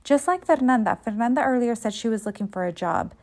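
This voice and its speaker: A woman's voice: a little high, animated, quick pace, darkish tone. A woman casually recapping a soap episode in a loose, conversational way, with fillers and frank asides.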